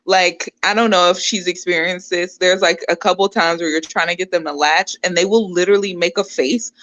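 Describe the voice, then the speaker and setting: A woman comedian, a guest on a podcast, chatting casually and acting out her baby's reactions with lively humor. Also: lowish voice, brisk, no echo, muffled recording. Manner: lively storyteller who acts out her baby's voice. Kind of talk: casual chat.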